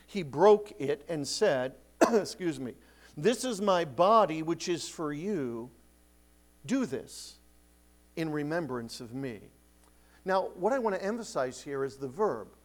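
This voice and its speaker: A man preaching an expository sermon, emphatic, slowing down to read scripture and rising in force on key points. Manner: emphatic, swells louder on key points then drops low; slows and stretches scripture quotes. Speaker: pastor.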